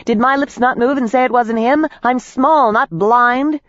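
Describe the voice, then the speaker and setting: A brash little male pixie speaks, put on by a woman narrator in a pitched-up, mouthy rush. His voice sits noticeably higher than the narration, with a dry, dull audiobook sound. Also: no echo, close to an everyday voice. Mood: exasperated. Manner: quick, scrappy, mouthy.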